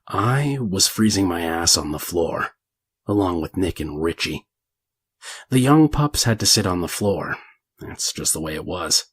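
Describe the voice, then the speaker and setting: A man reading a horror story aloud in a measured, gritty way with crude language. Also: sits low, slightly rough. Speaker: narrator. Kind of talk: scripted horror story narration.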